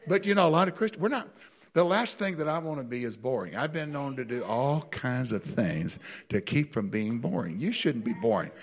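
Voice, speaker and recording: A gravelly man preaching with a lively, swooping voice. He tells stories with animated energy and climbs to high, excited peaks. His voice sounds slightly husky. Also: a little fast. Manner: animated storytelling, builds to high excited peaks, laughs often. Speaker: pastor. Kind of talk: sermon.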